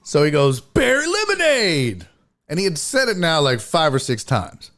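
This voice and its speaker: A man hosting a show and telling a road story in a casual, animated, profane way, often restarting his sentences. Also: a little high, moderate pace. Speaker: host and stand-up comedian.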